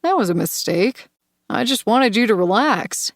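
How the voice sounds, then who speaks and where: A woman voicing a smooth, manipulative man in an audiobook thriller, speaking softly and coaxingly. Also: a little high, normal speed, no echo, studio quality, voice pushed up. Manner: soft, coaxing, sinister calm. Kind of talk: audiobook character voice.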